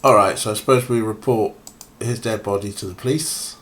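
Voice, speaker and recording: A man's voice: on the low side, steady tone, a little fast, a bit bright. A man with a mild Welsh accent casually commenting on a game he plays for his chat. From Wales. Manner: chatty, joking, asides to chat. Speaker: streamer. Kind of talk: casual let's-play commentary.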